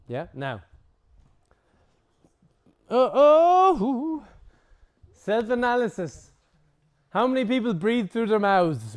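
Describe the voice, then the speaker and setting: A man teaching a breathwork workshop to a group, casual and lively, swearing now and then and acting out examples. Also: a little high, clean tone. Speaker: breathwork instructor.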